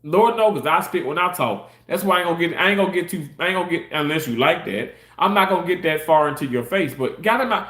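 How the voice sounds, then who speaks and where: A man's voice: high-pitched, lively intonation, quick pace, few pauses, fairly bright tone, echoey room. Heated, cursing man on a live stream. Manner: passionate, heated, cursing, repeating himself. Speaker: live-stream content creator. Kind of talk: casual live-stream rant.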